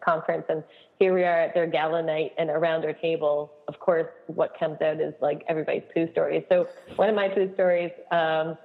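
Low-voiced and fairly quick, this woman is a camp director and podcast co-host sharing humorous stories from camp. She's an animated storyteller who laughs throughout the relaxed conversation, recorded with a dull sound and long, echoing reverb.

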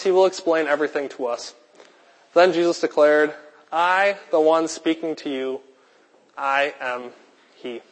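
A man preaching a sermon with a repetitive, emphatic cadence. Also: a little high. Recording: long hall reverb.

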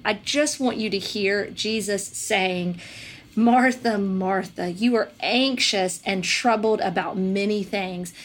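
A woman hosting a Christian podcast conversation, earnest, slowing down to read scripture aloud. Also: mid-range voice. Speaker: podcast host. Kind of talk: faith-based conversation.

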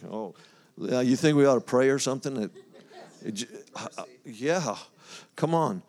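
A man's voice: medium pitch, lively intonation, normal speed, a little mellow. A man preaching a sermon in a casual, folksy way, reading scripture aloud and talking it over with his congregation. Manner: folksy, talks to the congregation, loses his place and laughs.

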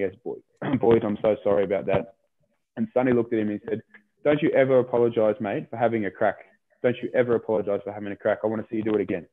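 Australian male rugby player, casual interview guest, lower voice, rambling and repetitive, says "mate" a lot, phone-line audio. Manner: rambling, repeats words, says "mate" often. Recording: tinny phone-line sound.

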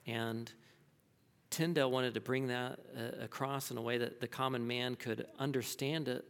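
A man's voice: medium pitch, steady tone, normal speed, a bit bright, clean tone, big-room sound. A man teaching a class, answering a student's question, thinking aloud with many restarts and fillers.

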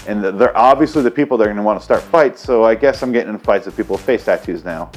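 A man's voice: fairly low pitch, fast, faint music behind. A man from Michigan hosting a comedy channel, ranting to camera in a sarcastic, profane, rambling way.

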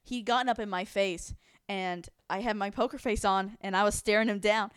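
A woman co-hosting a podcast, retelling a story in an animated way and laughing often. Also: mid-range voice, moderate pace, clear, resonant tone, dry recording, clean studio sound. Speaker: podcast co-host. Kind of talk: casual chat.

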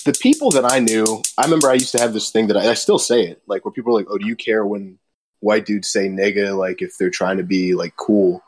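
A man's voice: lowish voice, a little fast, a little mellow, breathy edge. A man hosting a podcast in casual chat, rambling and laid-back, laughing often and swearing, recorded over a remote voice chat. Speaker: podcast host.

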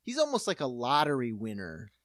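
A man's voice: mid-range voice, huge pitch swings, fairly quick, a bit bright, dry recording, clean studio sound. A young man co-hosting a comedy podcast, making sardonic quips and laughing at his own jokes. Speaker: podcast co-host. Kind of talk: casual comedic banter.

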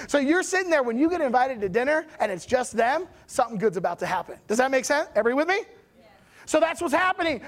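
High voiced guy preaching, super chatty, keeps asking does that make sense. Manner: chatty, animated, checks in with listeners. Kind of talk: casual sermon storytelling.

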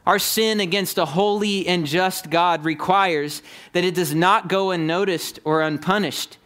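A man's voice: sits high, fairly even intonation, measured pace, a bit bright, clear, resonant tone. A man preaching a sermon, explaining scripture earnestly and speaking directly to his congregation. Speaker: pastor.

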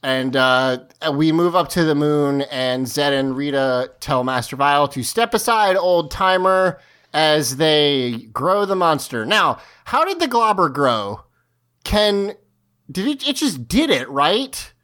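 A man's voice: on the high side, big pitch swings, slow, fairly bright tone. A man co-hosting a podcast, recapping a TV episode in casual chat, rambling with fillers and frequent laughs. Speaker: podcast co-host.

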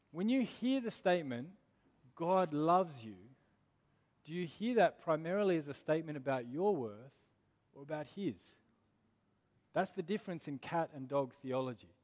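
A man preaching a sermon as pastor, earnest and emphatic, slowing down on key words. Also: a little high, a little mellow. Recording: long hall reverb.

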